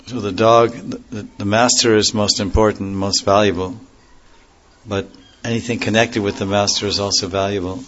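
A man giving a devotional lecture in a measured, explanatory way, often repeating and restarting phrases. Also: on the low side, little pitch movement, fairly bright tone, dull audio. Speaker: religious teacher.

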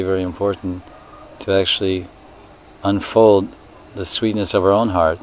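A man giving a religious talk to a group, telling a story in a lively way, often repeating and correcting himself and putting questions to the listeners. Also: sits low, a little hiss or hum, rough recording. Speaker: spiritual teacher.

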